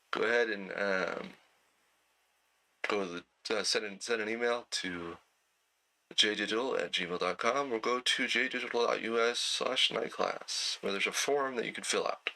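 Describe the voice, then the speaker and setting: A man teaching an online night class in a relaxed, conversational way, with plenty of fillers and throat clearing. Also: on the low side, a little hiss or hum, rough recording. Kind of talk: casual lecture.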